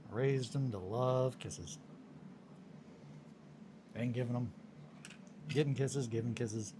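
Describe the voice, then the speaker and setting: A man's voice: medium pitch, takes it slowly, background noise. A man chatting casually on a hobby stream in a rambling, self-amused way while he works on miniatures.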